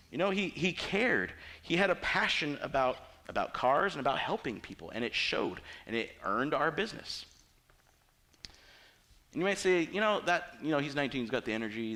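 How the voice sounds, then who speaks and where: A man's voice: medium pitch, expressive, moderate pace, bright, forceful tone. A man preaching a conversational sermon as pastor, telling personal stories with asides and quoted voices.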